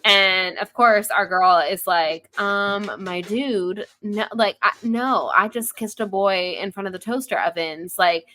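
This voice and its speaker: Bright, lively woman podcast host. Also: medium pitch, measured pace, few pauses. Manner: animated retelling, acting out characters' lines. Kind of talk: casual book discussion. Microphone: headphones and studio mic.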